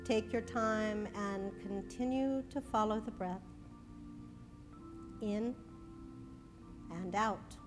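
A woman minister giving a sermon, then leading a slow, soothing guided breathing meditation at a church service. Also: medium pitch, big-room sound, music in the background.

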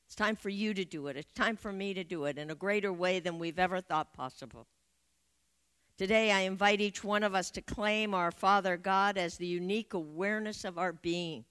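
A woman giving an Easter sermon as a spiritual teacher, speaking in slow, affirming and prayerful phrases. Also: medium pitch, a bit bright, clear, resonant tone.

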